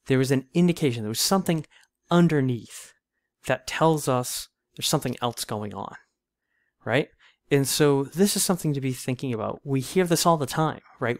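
A man's voice: mid-range voice, no room sound, clean studio sound. A man who teaches literature, giving a casual, conversational video lecture and often checking in with "right?". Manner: casual, conversational, frequent "right?" tag questions. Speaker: literature instructor.

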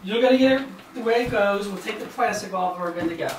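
Middle-aged dad, matter-of-fact, far from the mic, echoey room. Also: male voice, sits high, quick pace, slight background noise. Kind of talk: casual family chat. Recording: roomy, off-mic home audio.

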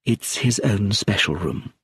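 A husky-voiced man reading an audiobook, voicing a composed middle-aged woman who speaks quietly and with restraint. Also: fairly low pitch, lively intonation, a little slow, exaggerated voice. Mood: calm.

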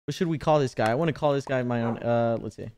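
A man in his twenties talks casually on a gaming stream, teasing, laughing and swearing heavily. The voice is mid-range, a little mellow and clean, and he talks quickly.

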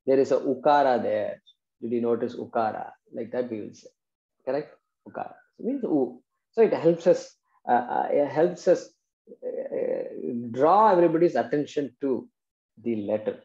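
A man's voice: medium pitch, expressive, moderate pace, dark tone. A man, patiently explaining Sanskrit verses in a class and checking in with his students. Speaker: Vedanta teacher. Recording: dull, roomy classroom recording.

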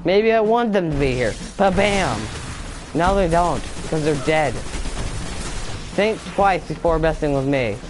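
A man's voice: a little high, expressive, measured pace. A man streaming a shooter game, giving casual commentary and playfully taunting enemies with mock-tough talk. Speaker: gamer streaming his play. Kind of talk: casual live gameplay commentary. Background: game music.

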